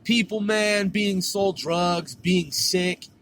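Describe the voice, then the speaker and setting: With slight background noise, a high-pitched man tells a relaxed story, slow and steady, his tone fairly bright. He swears, drawls, and says "man" at the close of his sentences over and over.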